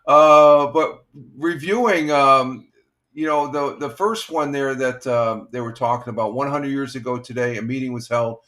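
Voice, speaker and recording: An older man hosts a relaxed morning live stream. He rambles, halts often and reads viewer comments aloud in an easygoing voice of middling pitch. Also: moderate pace. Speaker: livestream host. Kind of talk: casual live-stream chat.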